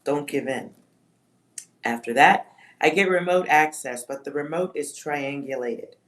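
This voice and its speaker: Her voice is low and a little slow as this livestream psychic reader addresses her chat. She thinks aloud, reads out words, spells some, and curses offhandedly.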